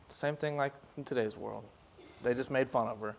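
A creaky, mid-range voice belongs to a youth leader giving an informal sermon at a moderate pace, with fillers and false starts throughout. He lively imitates the voices of mockers.

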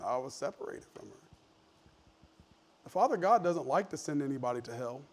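A man in his thirties preaching a sermon in a church, shifting from loud emphasis to hushed personal storytelling. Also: mid-range voice, expressive, moderate pace. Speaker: pastor. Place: church sanctuary.

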